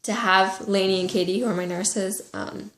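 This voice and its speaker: A young woman in her twenties telling a personal story to camera, soft-spoken and halting, with many pauses and fillers. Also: mid-range voice, steady tone, reverberant. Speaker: vlogger.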